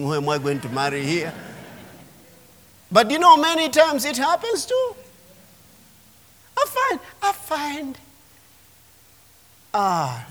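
In a church sanctuary with the long reverb of a large hall, a man preaches as pastor in a high, somewhat bright voice. His delivery is emphatic, and he urges the congregation to answer back.

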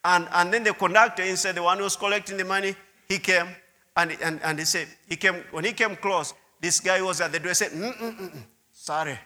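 A man's voice: high-pitched, fairly quick, sharp tone. A man preaching a sermon testimony, telling his story with repeated words and asides to the listeners. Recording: long hall reverb.

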